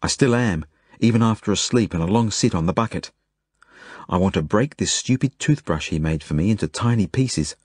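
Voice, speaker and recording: A man reading his own novel aloud as a first-person audiobook, earnest and measured. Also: on the low side, lively intonation, husky, no room sound, studio quality. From Australia. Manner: earnest, measured, gentle storytelling.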